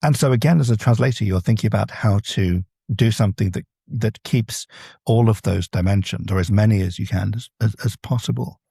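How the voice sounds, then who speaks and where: A man's voice: fairly low pitch, a little fast, gravelly, dark tone, husky, no echo, clean studio sound. A man, a translator, explaining his craft in a podcast interview, thoughtful and full of examples. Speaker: translator guest.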